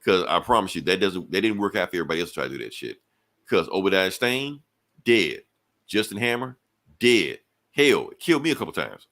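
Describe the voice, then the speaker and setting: A man's voice: low-pitched, big pitch swings, a little fast, fairly bright tone, heavily acted. A man voicing a defiant male armored hero who threatens a rival in a swaggering way while retelling a comic.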